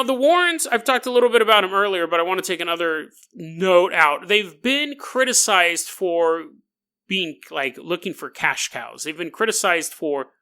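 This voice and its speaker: A male podcast host telling a story with sarcastic jokes and frequent laughter. His voice sits high and has a very bright, sharp edge. The tone is casual and mocking. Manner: sarcastic, joking, laughs often.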